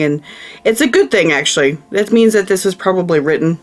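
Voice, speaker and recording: Woman, tarot reader, casual reading, repeats phrases for emphasis, lowish voice. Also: animated, brisk, soft background music.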